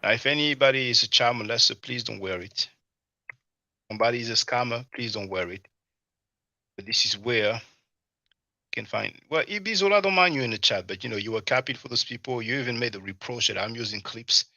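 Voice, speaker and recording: A man hosting a livestream in a loose, animated way, peppering his talk with "you know" and "man". His voice is very bright and forward, and he sounds relaxed and conversational rather than scripted. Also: mid-range voice, fairly quick, no room sound, highs cut off. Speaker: livestream host. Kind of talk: casual livestream commentary.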